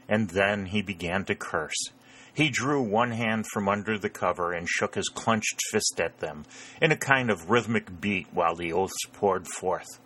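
Deep-voiced man narrating a novel. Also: measured pace, a bit bright, husky. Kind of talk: audiobook narration.

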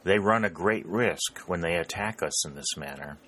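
A calm Union colonel, generous and measured, speaking with quiet authority, as a man narrates him. His voice is deep and low, with a bright, firm tone. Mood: concerned.

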